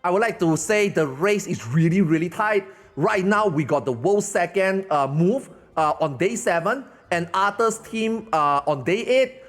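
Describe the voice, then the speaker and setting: A man's voice: sits high, animated, measured pace, fairly bright tone, in a large hall. A man putting on a formal male esports caster, announcer-like with hesitations.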